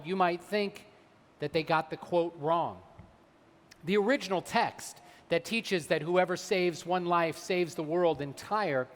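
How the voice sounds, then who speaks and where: A man, a rabbi, delivering a holiday sermon, slowing down and weighing his words when he quotes sacred texts. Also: high-pitched, fairly bright tone. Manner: measured, slows for emphasis on quoted texts. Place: large synagogue sanctuary. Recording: long hall reverb.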